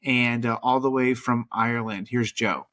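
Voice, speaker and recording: A man hosting a podcast, talking in a relaxed, rambling way with lots of fillers. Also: medium pitch, normal speed. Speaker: podcast host. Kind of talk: casual chat.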